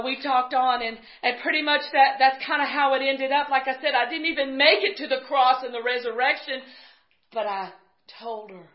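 A woman preaching a sermon, telling a personal story in a conversational way and building to fervent, shouted exhortation. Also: a little high. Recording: roomy, slightly muffled recording.

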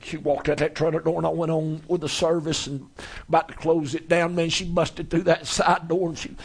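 A preacher, a man with a high, gravelly voice and a husky edge, spins a folksy story from the pulpit. His telling swells into shouting at its peaks. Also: flat delivery, normal speed. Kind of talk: storytelling sermon.

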